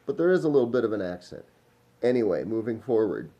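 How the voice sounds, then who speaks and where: Guy, loose rambling vlog monologue, warm low-key tone, drifts and trails off. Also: very animated, quick pace, highs cut off. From Minnesota. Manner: meandering, smoking while talking, trailing off. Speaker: vlogger.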